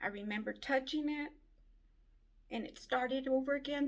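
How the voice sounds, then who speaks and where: A woman giving an emotional personal testimony, speaking in a halting, tearful way. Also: high-pitched. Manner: slow, halting, tearful storytelling.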